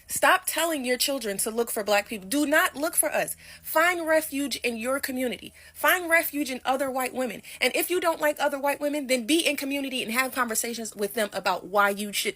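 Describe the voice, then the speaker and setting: A woman's voice: on the high side, fairly bright tone. A woman telling a story in a blunt, emphatic, slangy way. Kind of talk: casual storytime commentary.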